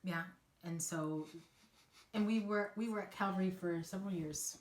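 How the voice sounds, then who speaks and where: Lower-voiced woman rambling in casual chat. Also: moderate pace. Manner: rambling, hesitant, many fillers and restarts. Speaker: podcast co-host. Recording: echoey room with faint noise.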